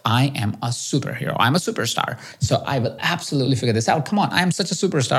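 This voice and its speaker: Animated man telling a story. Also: husky. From India. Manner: animated, self-mocking, quick shifts in pitch. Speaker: podcast host. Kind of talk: solo storytelling episode.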